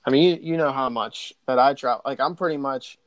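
A man's voice: mid-range voice, fairly quick, no room sound. A man in casual chat, rambling with many likes and ums. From Pittsburgh area.

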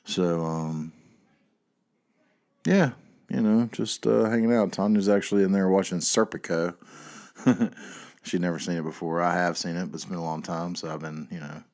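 A man's voice: deep voice, steady tone, normal speed, pauses often, a little mellow. A man from the American South with a Southern accent, hosting a podcast alone in a loose, rambling way, swearing freely and filling gaps with ums and you-knows. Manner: rambling, profane, lots of fillers. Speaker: podcast host. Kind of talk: casual solo podcast ramble.

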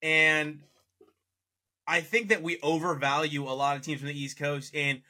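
Bright-voiced excitable man host. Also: fairly high pitch, normal speed. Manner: teasing, excitable, gloating about rivals. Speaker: podcast host. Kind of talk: casual sports chat.

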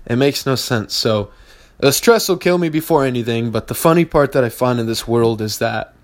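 A man's voice: mid-range voice, lively intonation, moderate pace. A man hosting a solo business podcast, talking in a blunt, heavily profane and mocking way. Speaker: business owner and podcast host.

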